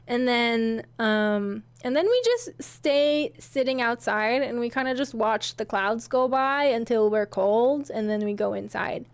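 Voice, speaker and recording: A young woman streamer telling a story casually to her chat, rambling and giggly with many restarts. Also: high voice.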